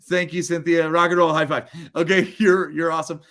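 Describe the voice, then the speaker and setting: A man's voice: fairly high pitch, level tone, fairly quick, fairly bright tone. A man hosting an online book launch over a video call, exuberant and jokey, rambling through frequent restarts.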